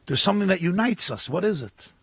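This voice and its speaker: A man, a rabbi, giving a lively sermon at a live gathering, telling stories and acting out the voices in them. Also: high voice, quick pace, husky, dry recording. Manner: animated storytelling, acting out voices, rising to shouts. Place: live event with an audience.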